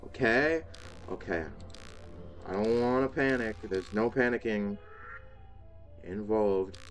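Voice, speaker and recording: A man's voice: fairly low pitch, takes it slowly, soft background music. A man giving let's play commentary, talking to the game's characters and breaking into startled exclamations. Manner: talks to game characters, frequent startled exclamations. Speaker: gaming video host.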